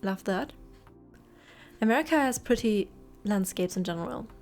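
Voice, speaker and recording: A young German-speaking woman streams a game, chatting and rambling in a relaxed way with quiet asides to her viewers' chat. Her mid-range voice is expressive and moves at a normal speed, over faint game music.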